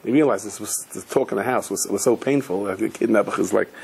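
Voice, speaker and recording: A man's voice: lowish voice, fast, vocal fry, darkish tone, breathy edge. A man, a rabbi, giving a sermon as he tells a story, mixing Hebrew and Yiddish terms into his talk and often restarting his sentences.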